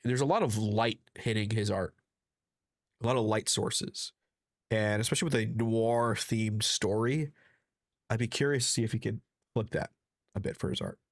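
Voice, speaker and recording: Halting, sick man co-hosting a podcast. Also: lowish voice, dry recording, clean studio sound. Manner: halting, many fillers, teasing. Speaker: podcast co-host. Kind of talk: casual chat.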